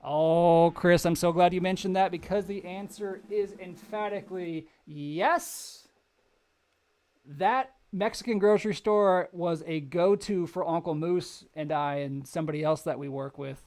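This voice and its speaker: A man's voice: high voice, measured pace, darkish tone. A young man streaming a game live, chatting casually with viewers, telling stories and laughing often. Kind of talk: casual live-stream chat while gaming.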